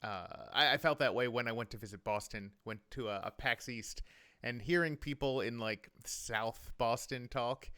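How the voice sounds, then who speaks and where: A man's voice: medium pitch, normal speed, pushed and bright, clean tone. A man co-hosting a podcast, chatting casually and laughing often. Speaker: podcast co-host. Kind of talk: casual chat.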